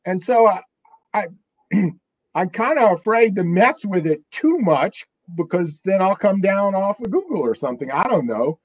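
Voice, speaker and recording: An older man, an author, talking as an interview guest, halting and repeating himself. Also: sits high, very animated, dry recording, dull audio. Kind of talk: casual interview chat.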